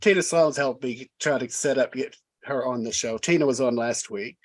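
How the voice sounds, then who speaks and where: A man's voice: mid-range voice, normal speed. A man hosting a casual interview, eagerly praising and prompting his guest like a fan. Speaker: host.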